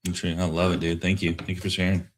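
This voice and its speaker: A man with a very low voice hosts a casual online show. He encourages his guests and keeps the talk moving with easy back-and-forth. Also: monotone, rapid-fire, a little hiss or hum. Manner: encouraging, frequent hums of agreement. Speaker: show host. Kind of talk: casual hosting chat.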